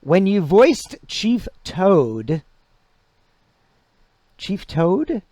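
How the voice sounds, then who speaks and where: A man hosting a casual livestream interview, halting, with many restarts and fillers. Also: high voice, very animated, dark tone, no echo. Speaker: livestream host.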